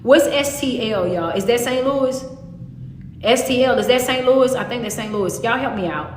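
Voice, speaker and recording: A woman, a motivational speaker chatting live with her audience in an animated, direct way. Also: fairly high pitch, normal speed, slight background noise. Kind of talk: live stream chat with viewers. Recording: echoey room with long reverb.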